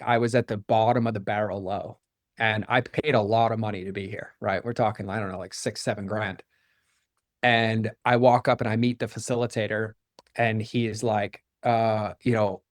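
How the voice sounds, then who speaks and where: A man speaking as a podcast guest, telling a personal story in a candid, animated way and acting out the dialogue he quotes. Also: mid-range voice, no room sound, studio quality. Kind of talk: storytelling in conversation.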